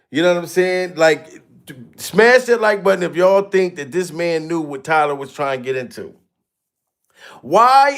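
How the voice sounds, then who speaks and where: A man giving profane, mocking reaction commentary to a live stream audience, laughing and swearing often. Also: sits high.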